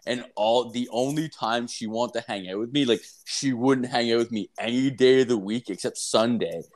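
A man's voice: medium pitch, moderate pace. A man co-hosting a casual podcast, talking in a laid-back bro way and swearing heavily. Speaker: podcast co-host.

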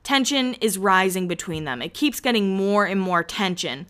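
A woman's voice: medium pitch, expressive, moderate pace, a bit bright, clear, resonant tone. A woman chatting casually as she recaps a reality show, gossipy and swearing freely.

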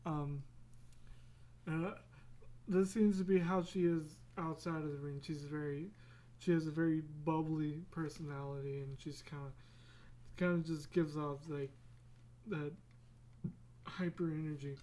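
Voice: medium pitch, steady tone, a little slow, long pauses, dark tone. A podcast host talking in a loose, rambling way, laughing often and restarting words as they go. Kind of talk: casual rambling solo podcast.

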